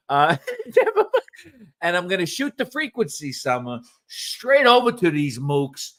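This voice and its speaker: A man ranting loudly and swearing as a guest on a casual live stream. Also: fairly high pitch, huge pitch swings, slow pace. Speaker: guest, host's husband.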